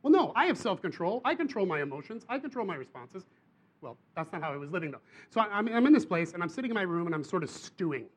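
A man preaches, his voice sitting a little higher than most. He tells his story in an animated way, pushing up into emphatic bursts. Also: quick pace, slightly rough. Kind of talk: sermon.

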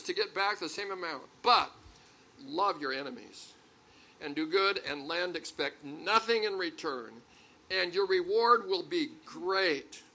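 A man's voice: on the high side, creaky, bright, forceful tone, slight background noise. An older man preaching a sermon to a congregation, talking conversationally with stories and then building to emphatic peaks. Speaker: pastor.

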